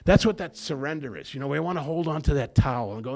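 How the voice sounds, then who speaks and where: A man's voice: on the high side, expressive, fast talker, gravelly, hardly any pauses, darkish tone. Man telling his story to a group. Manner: storytelling with acted-out quotes; plain-spoken, repeats phrases for emphasis. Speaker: recovery meeting speaker. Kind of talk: personal testimony to a group.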